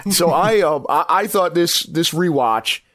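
A man's voice: a little high, animated, measured pace, a bit bright, no echo, studio quality. A man hosting a podcast, chatting casually about films in a rambling, enthusiastic way that circles back and corrects itself. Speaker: podcast host. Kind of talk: casual film-review chat.

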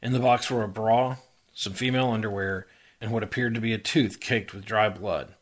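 Brief: male reader, lowish voice, even and dry crime-story narration. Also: normal speed. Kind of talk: reading a hard-boiled crime story aloud.

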